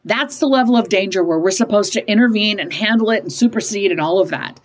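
A woman in her fifties telling parenting stories in an interview, emphatic and animated, often switching into higher voices to act out quoted parents and kids. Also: fast. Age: 50s. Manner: emphatic, punctuates points with "okay?". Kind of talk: conversational storytelling in an interview.

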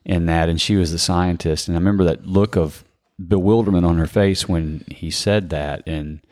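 A man hosting a faith interview, responding in a measured, reflective way. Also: low voice, steady tone, darkish tone, no room sound, clean studio sound. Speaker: host. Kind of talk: interview conversation.

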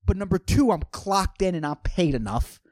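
A man's voice: sits high, animated, moderate pace, a little mellow, no echo, studio quality. A tired man hosting a podcast, ranting with lots of swearing in an exasperated, rambling way. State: tired late at night. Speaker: podcast host. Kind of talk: profane comedic rant.

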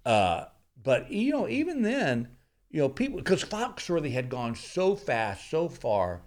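A man's voice: fairly high pitch, measured pace. A man from Texas, a stand-up comedian guest telling anecdotes in a studio and acting out the people in his stories. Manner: animated storyteller who acts out the people in his stories. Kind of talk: anecdotal storytelling.

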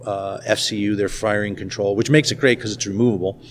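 A man guest in a casual interview, telling stories in a relaxed way with quick asides. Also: on the low side, a little hiss or hum. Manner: storytelling, laughing, quick asides.

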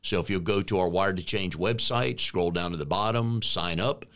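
Deep-voiced man co-hosting a podcast. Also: normal speed, a bit bright. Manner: jokey, easygoing banter. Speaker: podcast co-host, business coach. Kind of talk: casual podcast chat.

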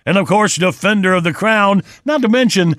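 A man's voice: sits high, normal speed, a bit bright, no echo, studio quality. A man hosting a morning radio show, introducing a guest and chatting casually in an upbeat announcer manner. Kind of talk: morning radio comedy chat.

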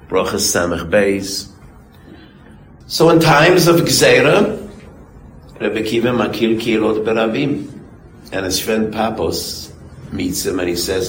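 Rabbi, male, very low voice; emphatic sermon with rhetorical questions, echoey room, faint ambience. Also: slight background noise. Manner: storytelling, quotes a source then translates. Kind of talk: sermon of encouragement.

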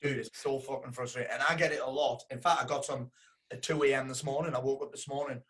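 A man's voice: mid-range voice, fairly even intonation, fast, a bit bright. A man, a business coach, in a casual podcast chat, emphatic and swearing often. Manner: emphatic, frequent swearing, says "dude".

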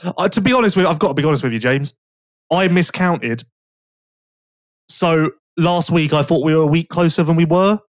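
A man's voice: a little high, moderate pace, no echo, clean studio sound. A young man co-hosting a casual podcast, rambling and correcting himself. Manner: rambling, self-correcting, chatty. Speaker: podcast co-host.

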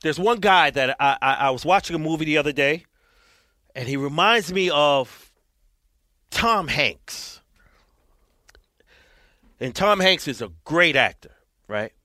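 Animated, profane man talking fast. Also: a little high, dry recording, clean studio sound. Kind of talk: casual chat.

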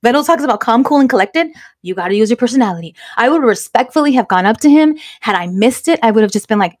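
A woman co-hosting a podcast, telling a story in an animated, emphatic way. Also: fairly high pitch, fast talker, hardly any pauses. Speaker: podcast co-host. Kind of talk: casual storytelling chat.

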